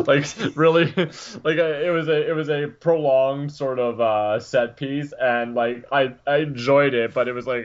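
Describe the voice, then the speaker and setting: A man's voice: mid-range voice, steady tone, a little slow. Podcast guy rambling thru a movie review, lots of likes and restarts, dull lo-fi sound. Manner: rambling, many likes and restarts, dry chuckles. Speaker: podcast co-host. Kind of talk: casual movie review chat.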